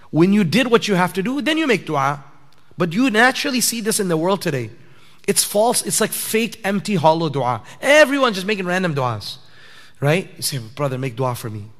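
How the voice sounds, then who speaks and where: A man delivers a sermon in a mosque prayer hall, his fairly high voice carrying a long reverb tail. He talks to the congregation conversationally and asks them rhetorical questions. He then drives his points home with emphasis. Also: sing-song, normal speed. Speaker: imam giving a sermon.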